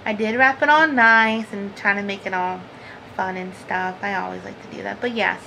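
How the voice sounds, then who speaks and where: A woman's voice: medium pitch, steady tone, normal speed, creaky, background noise. A woman hosting a crafting vlog from home, talking casually to the camera in a rambling, chatty way with frequent laughs and lots of "like". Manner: chatty and rambling, laughs often, says "like" a lot.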